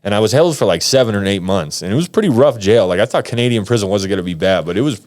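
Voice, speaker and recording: A man's voice: on the low side, lively intonation, fast, darkish tone. A man telling a wild life story as a podcast guest, slangy and rambling, with many restarts. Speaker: guest, pro fighter. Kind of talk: casual storytelling. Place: podcast studio.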